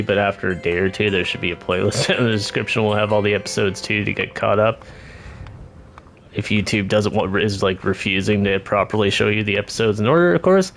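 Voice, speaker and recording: A man's voice: lowish voice, gravelly, a bit bright. A man streaming a video game, chatting casually and joking at himself. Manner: chatty, self-deprecating, laughs at himself. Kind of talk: casual gameplay commentary.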